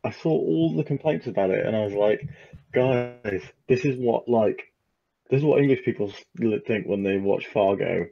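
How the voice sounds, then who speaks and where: A man's voice: lowish voice, moderate pace, gravelly. A man co-hosting a casual gaming podcast, talking animatedly with many fillers. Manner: animated, talks with a lot of fillers. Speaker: podcast co-host. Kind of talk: casual chat. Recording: dull lo-fi mic.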